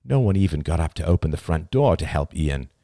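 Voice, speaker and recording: A man reading a novel aloud as an audiobook, with expressive, dramatic storytelling. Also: very deep voice, fairly quick, no echo, studio quality. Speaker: audiobook narrator. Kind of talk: scripted audiobook narration.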